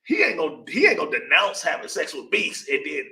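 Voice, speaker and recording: A man's voice: a little high, wildly swooping pitch, fairly quick, sharp tone. A man in a Bible class discussion, rambling with restarts and often asking "you know what I'm saying". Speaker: class member reading scripture. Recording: distant, echoey room.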